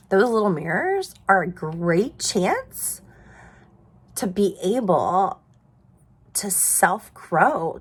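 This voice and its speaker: A medium-pitched woman in her thirties addresses the camera with an earnest parenting pep talk. As a parenting vlogger she asks her viewers direct questions and falls into soft, breathy asides.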